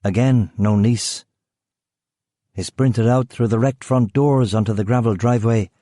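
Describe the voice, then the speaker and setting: A man reading a crime thriller aloud in a measured, dry manner. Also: mid-range voice, warm tone, no room sound. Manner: measured, dry delivery, voicing characters. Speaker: audiobook narrator. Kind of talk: scripted narration.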